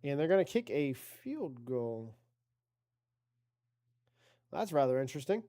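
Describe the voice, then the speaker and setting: A man's voice: on the high side, animated, moderate pace, pauses often, warm tone. A man giving casual play-by-play commentary on an online video game football league, chatty and self-correcting, talking to his chat and rising on big plays.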